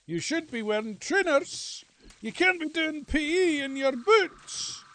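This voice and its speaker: A man doing a mean shouting gym teacher. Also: very high-pitched, animated, takes it slowly, voice pushed up, exaggerated voice. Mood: incredulous. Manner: shouting, scolding, swearing.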